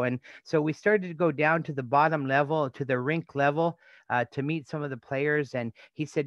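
Pastor preaching with emphatic repetition. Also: male voice, a little high, moderate pace, a bit bright, dry recording, dull audio. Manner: rhetorical questions, emphatic repetition. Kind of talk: sermon.

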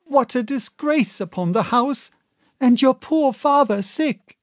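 A man's voice: very high-pitched, animated, slow, no room sound, clean studio sound, pitched above the performer's own voice, exaggerated voice. A man doing a fretful, wailing innkeeper's wife. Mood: distressed. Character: flustered middle-aged innkeeper's wife.

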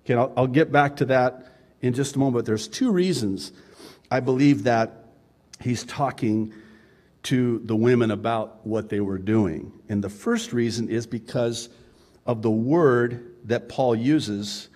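A man preaching a sermon as pastor, conversational and animated, laughing with the congregation and acting out their objections. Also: mid-range voice, a little slow. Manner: acts out congregants' objections in a raised voice.

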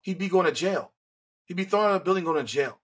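A man's voice: sits high, animated, fast talker, breathy edge, low-quality recording. A man co-hosting a sports podcast, ranting bluntly and with profanity in an indignant tone. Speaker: podcast co-host. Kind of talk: heated sports opinion rant.

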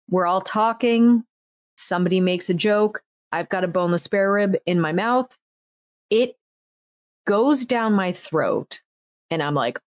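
A woman, telling a story on a podcast with lively acted-out quotes and lots of "like". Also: fairly low pitch, measured pace, no room sound. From United States. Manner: animated, acts out quotes, frequent "like" fillers. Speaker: podcast host. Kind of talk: casual storytelling chat.

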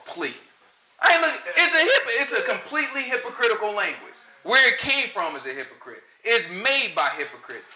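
In an echoey room, a Bible study teacher with a country Southern American accent delivers a casual Sabbath lesson, full of rhetorical questions and frequent laughter. His voice is very high, bright and forceful.

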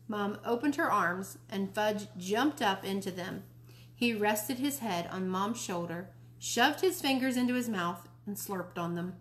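A woman reading a children's chapter book aloud for a library audience. Her narration is lively and expressive, at an ordinary middle pitch. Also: a little slow. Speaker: library storytime reader. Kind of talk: read-aloud storybook narration.

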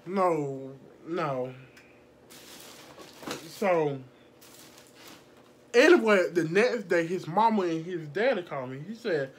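A young woman telling a casual storytime vlog, animated and profane, laughing often and acting out the people in her story. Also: fairly low pitch, measured pace, long pauses, slight background noise. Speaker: vlogger.

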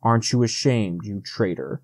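A man doing a wounded male fox from a storybook, proud and bitter, his words turning from soft begging to hissing scorn. The sound is close and dry, with no room around it. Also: medium pitch, expressive, moderate pace, no echo, close to an everyday voice. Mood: contemptuous. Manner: pleading, then hissing with contempt.

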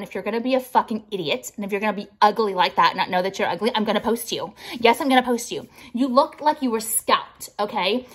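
A woman vlogger vents to her viewers in a combative, profanity-laced rant. Her voice sits fairly high, and she leans on "like" throughout. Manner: profane, combative, heavy filler "like". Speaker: jewelry brand owner and vlogger.

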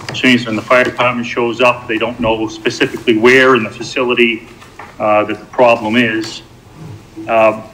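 A plainspoken man briefing a city committee as wastewater superintendent. He walks through the details step by step, pausing on frequent fillers as he goes. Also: medium pitch, fairly bright tone, a little hiss or hum, low-quality recording. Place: city council meeting room.

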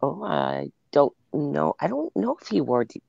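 A woman calling in to a show speaks in a very deep, gravelly voice, keeping her replies soft and short. Her sound comes through as dull, lo-fi call audio. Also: very animated, a little slow. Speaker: caller. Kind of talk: call-in conversation.

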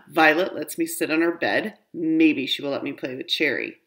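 A woman reading a children's storybook aloud in an animated, expressive way. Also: sits low, normal speed, hardly any pauses. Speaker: reader.

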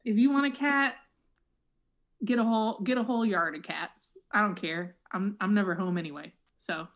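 A woman's voice: mid-range voice, normal speed, muffled recording, close to an everyday voice. A woman doing a smug billionaire with a South African accent. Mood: boastful. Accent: put-on South African. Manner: smug, mocking. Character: smug boastful tech billionaire man. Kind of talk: online improv comedy. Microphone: computer mic on a video call.

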